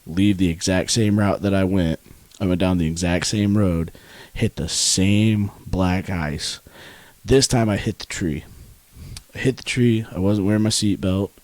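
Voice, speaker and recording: A young man with a somewhat low voice tells a story in a relaxed, casual way. He swears freely and laughs easily. The sound is dry and close. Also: measured pace, no echo. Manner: laid-back, swears freely, laughs often. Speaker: podcast co-host.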